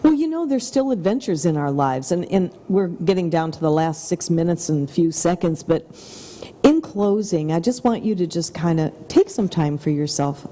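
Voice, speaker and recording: In a large hall, a middle-aged woman co-hosting a talk show speaks at a normal pace in a lowish, animated voice. She's upbeat and effusively motivational, with quiet whispered asides.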